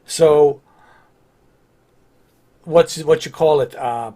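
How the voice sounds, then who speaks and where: A man's voice: a little high, very slow, dark tone. A man chatting casually on a live game stream, rambling with lots of fillers and restarts.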